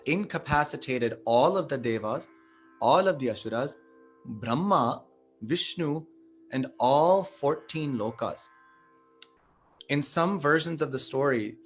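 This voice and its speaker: Male devotional speaker, mid-range voice, measured storytelling delivery, soft music in the background. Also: medium pitch. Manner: measured, explanatory, stresses sacred names. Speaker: satsang speaker.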